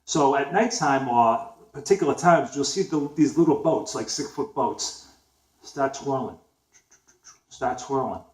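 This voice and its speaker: A man in his forties with a Boston accent recounts a story in a loose, rambling way. He swears freely and stops often to restart a thought. His medium-pitched voice echoes in a bare room. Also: a little slow. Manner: rambling, profane, frequent fillers and restarts. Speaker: vlogger. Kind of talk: casual spoken storytelling.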